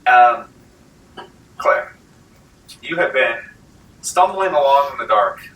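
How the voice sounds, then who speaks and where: A man narrating a tabletop game as game master, lively and laughing often, recorded in a library meeting room. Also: mid-range voice, slow. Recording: echoey room, mic far off, faint hiss.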